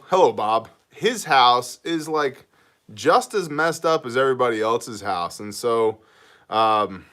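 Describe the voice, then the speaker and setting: A man hosting a prepper Q&A livestream, greeting viewers by name with loose jokes and making an energetic appeal for mission donations. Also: mid-range voice. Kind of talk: casual livestream chat.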